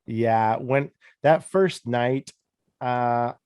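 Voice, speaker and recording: A man in his thirties chatting in a relaxed, rambling way and poking fun at himself. His voice sits in the middle range and sounds dry and close to the mic. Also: medium pitch, drawn-out words, clean tone, dry recording. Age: 30s. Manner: relaxed, rambling, self-deprecating. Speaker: disc golf commentator. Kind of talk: casual interview storytelling.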